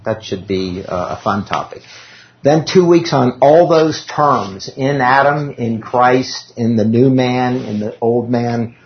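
A man's voice: medium pitch, a little hiss or hum. Man teaching an informal Bible class. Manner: conversational, self-deprecating, reads scripture aloud. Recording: dull lo-fi recording.

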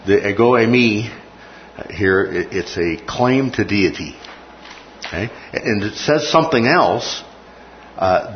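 A man teaching a Bible class in a classroom lecture, often repeating key phrases and checking in with "okay?". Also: lowish voice. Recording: muffled recording with faint noise.

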